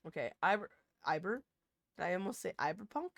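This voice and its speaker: A young woman streamer chatting casually with her chat, rambling and interrupting herself, now and then breaking into loud laughter. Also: on the low side, big pitch swings, brisk, creaky, no room sound, studio quality.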